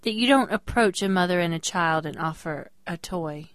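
A young woman, a mother, co-hosting a casual podcast and telling a story with lively voice changes. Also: normal speed, no echo, clean studio sound. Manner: animated storyteller, jumps into high voices when quoting people. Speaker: podcast co-host. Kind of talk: casual chat.

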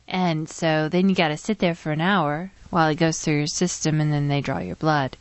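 A pregnant woman co-hosting a podcast, her voice a little low for a woman. She tells stories with animation, recorded dry and close with no room around her. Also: normal speed, dry recording. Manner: animated storyteller. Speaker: podcast co-host. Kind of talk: casual chat.

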